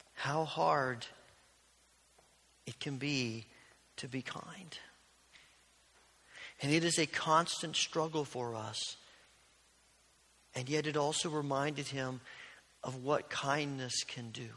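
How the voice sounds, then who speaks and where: A male pastor preaching a sermon, telling stories earnestly and dropping to a hush on key lines. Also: fairly high pitch, takes it slowly, pauses often. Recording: long reverb of a large hall.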